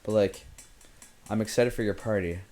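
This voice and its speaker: A man's voice: fairly low pitch, moderate pace, a little mellow. A young man co-hosting a podcast, chatting casually with jokes and teasing. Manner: joking, teasing, casual swearing. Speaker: podcast co-host.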